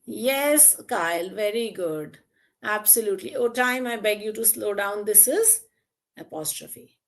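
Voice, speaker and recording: Her voice medium in pitch with lively intonation, a woman who teaches English runs an online class preparing students for an exam. Deliberate and unhurried, she draws out important terms and examples, calls out students by name with praise, and quizzes the group.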